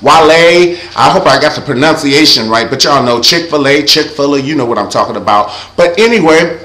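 A man's voice: fairly high pitch, fairly quick, sharp tone, echoey room, poor audio. A young man giving a sassy, campy recap of an awards show, breaking into sung impressions. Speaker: vlogger reviewing an awards show.

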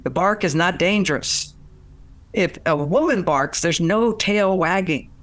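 Older man, relationship author as guest, slightly higher-pitched voice, dry close sound, animated anecdotes with playful acted-out quotes and restarts. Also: measured pace, no room sound. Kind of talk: conversational storytelling interview.

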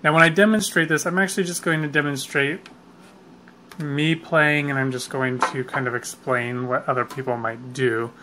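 A man's voice: medium pitch, steady tone, normal speed, noisy background. A man explaining how a board game is played in a casual, unscripted way, with frequent fillers and self-corrections.

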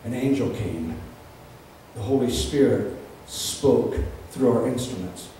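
A man preaching a sermon as pastor, telling a story that builds into fervent, shouted preaching. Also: mid-range voice, expressive, takes it slowly, slight background noise. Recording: echoey room, distant mic.

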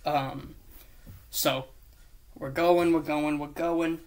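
A man's voice: on the high side, steady tone, extremely slow, darkish tone. A man talks his way through a long idea off the cuff. He swears constantly, loses his train of thought, and laughs at himself. The delivery is loose and unpolished, like a solo video chat. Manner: profane, rambling, self-mocking, with silly put-on voices. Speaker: YouTuber pitching a movie idea. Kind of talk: rambling casual monologue.

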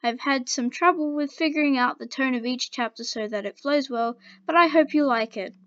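A woman's voice: high voice, moderate pace, fairly bright tone, no room sound. A woman casually reading fan fiction aloud, with playful, laughing asides, in a dull lo-fi home recording.

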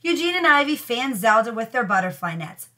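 Lively woman teacher reading aloud. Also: on the high side, brisk. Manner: expressive, lively storytelling. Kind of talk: reading a storybook aloud to young pupils.

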